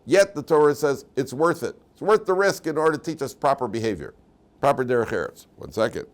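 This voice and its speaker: An older man leads a Torah class in a classroom, speaking in a middle-pitched voice. He reads Hebrew quotes and then explains them in English in a lively, conversational way, with plenty of asides to his students. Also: a little fast. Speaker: rabbi teaching a class.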